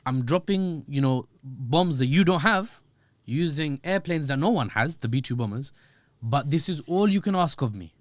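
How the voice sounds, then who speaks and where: A man putting on a blustering, brash older male politician in a high, shouting caricature voice. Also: lively intonation, normal speed, no room sound, close to an everyday voice.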